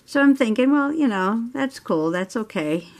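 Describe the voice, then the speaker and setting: Coloring on camera, this journaling channel host, a middle-aged woman, chats through a story and laughs a lot. She speaks at a moderate pace in a fairly high, animated voice.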